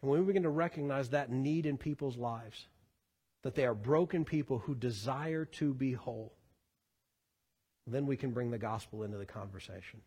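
A man preaching a sermon as pastor, earnest, rising to fervent emphasis and sinking low again. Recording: long hall reverb.

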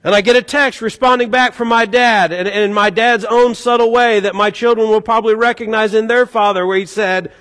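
A man's voice: high-pitched, moderate pace, a bit bright. A middle-aged male pastor preaching a conversational, joking sermon, acting out the voices of the people he quotes. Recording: long hall reverb.

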